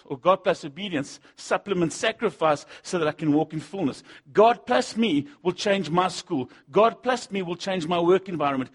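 A man preaching a sermon, swinging between loud punchy lines and low asides, acting out the voices he quotes. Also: breathy edge. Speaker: pastor.

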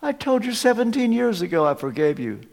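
A preacher voicing a gently forgiving ruler. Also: male voice, high voice, very animated, fairly quick, creaky, pitched above the performer's own voice, heavily acted. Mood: reassuring. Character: forgiving older male biblical ruler.

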